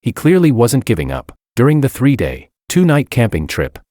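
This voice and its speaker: A man narrating a first-person story in an even, wry tone. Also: mid-range voice, normal speed, no echo, clean studio sound.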